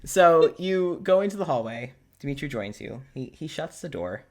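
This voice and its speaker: A man's voice: fairly high pitch, lively intonation, moderate pace. A man running a tabletop game as game master, narrating in a chatty way with many fillers.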